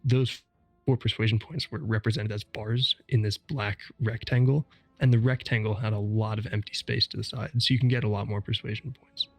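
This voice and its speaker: A man's voice: lowish voice, fairly even intonation, a little fast, vocal fry, no room sound, faint music behind. Man co-hosting a gaming podcast. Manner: analytical, explains step by step. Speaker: podcast co-host. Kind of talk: casual game discussion.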